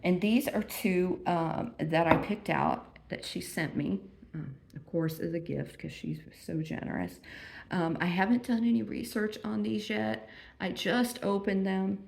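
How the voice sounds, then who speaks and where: A woman's voice: fairly low pitch, unhurried, creaky. Gushing woman with a lilt. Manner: warm and gushing, many ums, emotional near tears. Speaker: vintage reseller vlogger. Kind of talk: casual unboxing chat.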